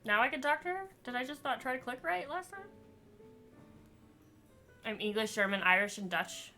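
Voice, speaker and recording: A woman's voice: a little high, animated, moderate pace, pushed and bright, soft background music. A woman chatting casually and rambling as she streams a story game, laughing often. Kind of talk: casual chat while gaming.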